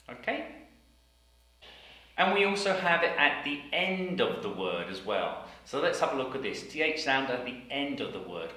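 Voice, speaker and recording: Slow, animated man teaching pronunciation. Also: medium pitch. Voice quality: deliberate, over-articulated delivery. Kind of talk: slow, careful teaching with repeated example words. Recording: very echoey room.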